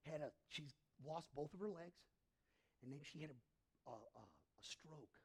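A male pastor delivers a sermon in a gravelly voice with a husky edge. He keeps turning to the congregation with questions. He drops to a hush, then presses a point hard. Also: a little high, moderate pace. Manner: preaching with frequent questions to the congregation; swings between hushed and emphatic.

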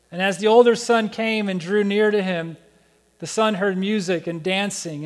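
High-voiced pastor preaching in a church hall. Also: male voice. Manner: animated storytelling, acting out Bible characters' voices. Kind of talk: sermon. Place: church sanctuary.

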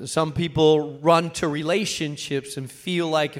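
Man, pastor, sermon, high voice, earnest, emphatic. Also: fairly even intonation, a little slow, hardly any pauses, a bit bright. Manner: earnest preaching, rising to emphatic peaks.

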